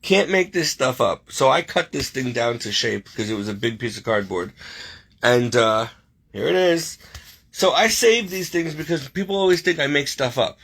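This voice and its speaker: A man telling a personal faith story in a casual way, animated and emotional, choking up and tearing up as he reads aloud, on a webcam. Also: mid-range voice, moderate pace, vocal fry. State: teary. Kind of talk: personal testimony, casual talk.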